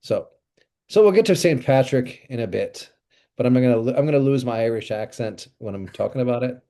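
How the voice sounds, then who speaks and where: A man's voice: mid-range voice, lively intonation, fairly quick, mellow. A man who is a pastor, hosting a podcast in easygoing casual chat and rambling through stories. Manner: easygoing, chuckles, rambling storytelling.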